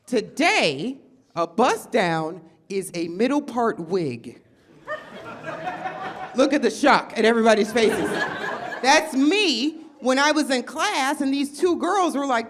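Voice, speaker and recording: A woman doing stand-up comedy, loud and profane, laughing at her own jokes. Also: fairly high pitch, animated, measured pace, crowd noise. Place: live comedy show before an audience.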